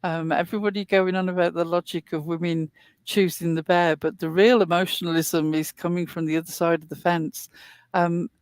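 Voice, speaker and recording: A woman's voice: fairly low pitch, level tone, normal speed, clean tone, no room sound, studio quality. A woman hosting a casual online talk show, chatting at length in a rambling way with plenty of fillers. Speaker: host. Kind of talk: casual podcast chat.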